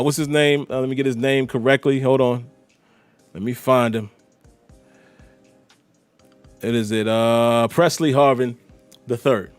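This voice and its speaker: A man's voice: medium pitch, smooth, no echo. A man hosting a solo podcast, talking casually and directly to his listeners. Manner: chatty, animated, talks straight to listeners. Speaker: podcast host.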